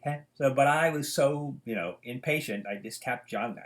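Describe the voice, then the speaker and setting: A man's voice: medium pitch, normal speed. An older man teaching psychology in a loose, rambling lecture style at home, full of fillers, restarts and side stories. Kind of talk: informal lecture.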